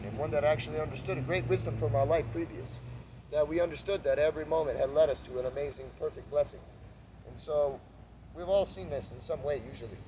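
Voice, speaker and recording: A man giving a spiritual talk, who swings from soft, calm speech to loud mocking voices. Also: medium pitch, far from the mic, noisy background. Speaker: spiritual teacher. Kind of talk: spiritual monologue.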